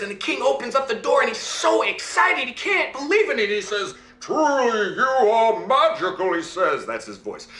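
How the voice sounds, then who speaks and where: Animated male storyteller, bright and echoey. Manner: lively, dramatic swings in pitch, asks listeners "right?". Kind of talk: animated live fairy-tale storytelling.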